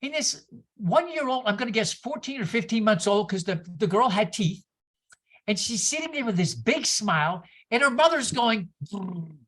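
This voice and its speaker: A woman minister giving a sermon, telling stories in an animated way with exclamations and asides to the congregation. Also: fairly high pitch, moderate pace. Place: church service.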